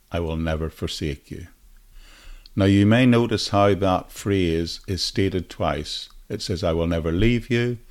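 A man hosting a podcast, giving earnest devotional Bible teaching, repeating phrases for emphasis and asking listeners rhetorical questions. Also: low voice. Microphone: podcast microphone.

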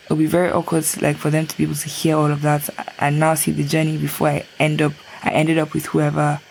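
A young woman co-hosting a podcast in a relaxed chat. Her voice sits low with a gravelly fry, and she fills her talk with "like" as she works her way through a point. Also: fast talker, a little hiss or hum. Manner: chatty, many fillers like "like". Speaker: podcast co-host. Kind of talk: casual chat.

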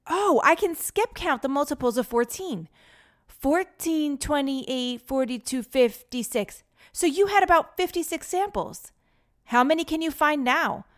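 A woman voicing an excitable young boy detective in a children's story. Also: high-pitched, pitched above the performer's own voice. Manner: eager, excitable.

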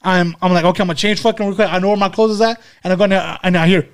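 A high-pitched man with a clear, resonant tone races through a long, profanity-laden story while co-hosting a podcast in casual conversation. His intonation stays fairly even as he rambles, repeatedly saying "dude" and "fucking." He's currently in Mexico and joining remotely.

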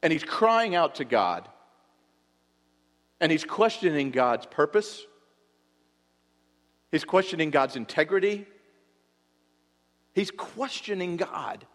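A man preaching a sermon as a pastor, impassioned, his voice swelling and then dropping low for emphasis. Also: sing-song, slow, pauses often. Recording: long hall reverb.

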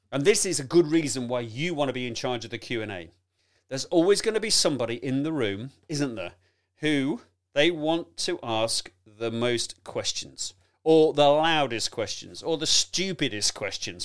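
A man coaching on presentation skills in a chatty, animated teaching talk, addressing the listener directly and laughing often. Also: mid-range voice.

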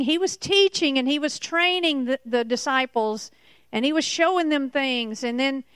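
A woman preaching a Bible sermon, slow and emphatic, repeating key points. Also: a little high, clean tone, no room sound. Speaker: Bible teacher.

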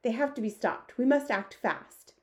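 A woman voicing a queen, measured and commanding. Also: a little high, voice pushed up, close to an everyday voice. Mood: firm. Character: calm, firm elderly queen.

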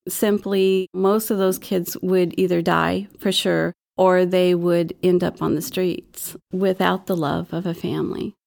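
A woman's voice: lowish voice, level tone, a little slow, creaky, hardly any pauses, a little mellow. A middle-aged woman who is an adoptive mother, speaking in an interview and telling her story in a heartfelt, earnest way. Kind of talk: personal interview testimony.

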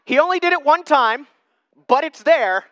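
A man's voice: extremely high pitch, lively intonation, moderate pace, a bit bright, no room sound. A man preaching an informal sermon in an emphatic way, repeating rhetorical questions to drive his points home. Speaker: Christian preacher.

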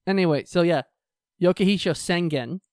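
Podcast co-host swearing a lot, fast rants, dry close sound. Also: mid-range voice, no room sound. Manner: profane, animated ranting. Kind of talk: casual podcast chat.

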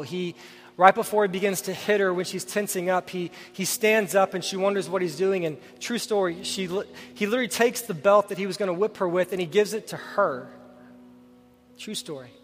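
A man's voice: high-pitched, a little fast. A man preaching a sermon in a church, telling a story earnestly and asking his listeners direct questions before leading a prayer. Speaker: pastor. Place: church sanctuary. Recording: reverberant hall with faint music.

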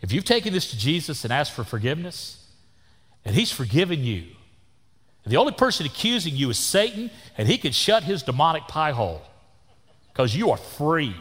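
A man's voice: on the high side, sing-song, fairly quick, a bit bright, slightly rough. A Texan man in his sixties preaching a sermon as pastor, with a folksy, joking manner and down-home sayings. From Texas. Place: church sanctuary. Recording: long church reverb.

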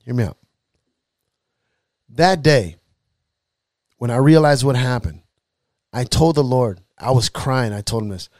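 Man, earnest preacher sharing a testimony, mid-pitched voice, dry close sound. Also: unhurried, pauses often, a little mellow, dry recording. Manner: earnest, emotional, repetitive preaching cadence. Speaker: podcast host and preacher.

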